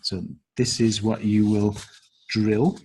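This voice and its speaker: A man's voice: fairly low pitch, level tone, takes it slowly, dark tone, husky. A man explaining the stages of a lesson plan to trainers, with frequent ums and uhs. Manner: hesitant, many ums and uhs. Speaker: teacher trainer. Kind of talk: instructional walkthrough of a lesson plan.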